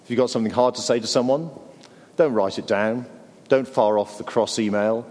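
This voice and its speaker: A man's voice: mid-range voice, a little fast, darkish tone, big-room sound. A middle-aged Englishman preaching a sermon in a conversational way with wry asides.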